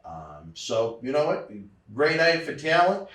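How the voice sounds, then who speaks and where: A man's voice: a little high, big pitch swings, a little slow, fairly bright tone. A man hosting an interview, asking questions and chiming in with friendly comments. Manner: conversational, affirming. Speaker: interview host. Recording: roomy sound from a distant mic.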